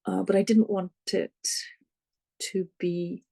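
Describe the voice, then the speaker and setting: An author talking thoughtfully about their novel in an interview, often pausing to search for words. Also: mid-range voice, flat delivery, vocal fry, mellow. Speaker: author, guest. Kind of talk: reflective interview talk.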